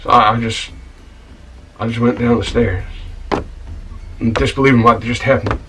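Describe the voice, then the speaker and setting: An actor playing a self-righteous scoundrel tavern keeper in a comedy web series, telling an indignant, stammering monologue and calling the listener son. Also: male voice, medium pitch, fairly even intonation, moderate pace, distant mic, noisy background, lightly acted. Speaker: title character of a comedy-drama web series. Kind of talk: comic monologue. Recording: voice a bit off-mic, with music behind.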